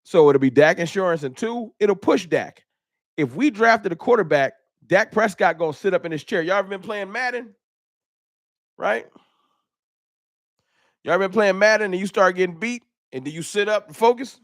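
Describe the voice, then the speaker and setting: A man's voice: high-pitched, expressive, moderate pace, dry recording, studio quality. A man hosting a fan live stream, chatting casually and animatedly, joking and laughing at his own bits.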